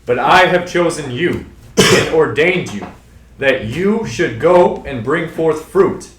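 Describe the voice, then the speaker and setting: A man slowly reading scripture aloud in a measured way. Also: fairly high pitch, lively intonation, roomy sound, a little hiss or hum, low-quality recording.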